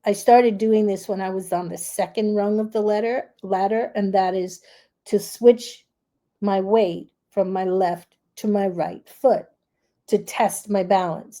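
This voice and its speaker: Slow, mellow-voiced woman telling a story. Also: mid-range voice. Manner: calm, reflective, acts out her own fearful self-talk. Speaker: grief relief coach and host. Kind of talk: personal storytelling.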